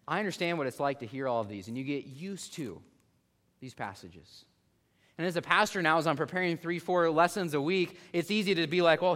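A pastor in his thirties preaching a sermon earnestly, rising in force at key points and slowing down to read scripture. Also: mid-range voice, a bit bright.

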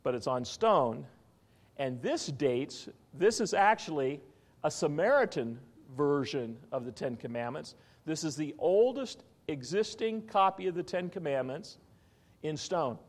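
A man preaching a sermon in an animated teaching style, often asking his listeners questions. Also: on the high side, measured pace. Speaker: pastor.

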